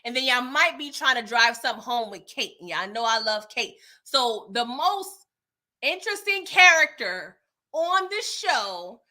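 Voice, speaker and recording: Young woman venting about a tv episode to her viewers, bright tone, pitch a little high. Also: unhurried. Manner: frustrated, animated, talks straight to viewers. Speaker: TV recap host. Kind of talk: casual recap reaction and chat comments.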